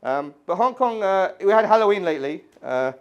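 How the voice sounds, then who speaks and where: Lively man doing stand-up. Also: high voice, a little fast, clear, resonant tone, highs cut off. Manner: animated storytelling, acting out voices and screaming kids. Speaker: stand-up comedian. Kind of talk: stand-up set. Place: art gallery before a live audience. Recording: live room with audience laughter.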